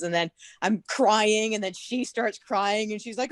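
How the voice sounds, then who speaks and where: Lively storytelling woman with swearing. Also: medium pitch, measured pace, hardly any pauses, no room sound. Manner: animated storyteller, swears freely. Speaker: guest at a podcast meet-up. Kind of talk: casual chat. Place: home, on a video call. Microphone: video call.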